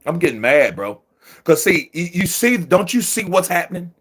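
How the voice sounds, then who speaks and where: A man giving profane, excitable live commentary while watching a boxing match, often shouting at the referee. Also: high-pitched, moderate pace, slightly rough.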